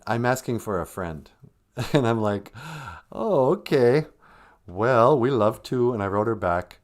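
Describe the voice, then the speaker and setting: A man's voice: mid-range voice, lively intonation, measured pace. A middle-aged man hosting a comedy live stream, rambling through jokes and language lessons with playful asides.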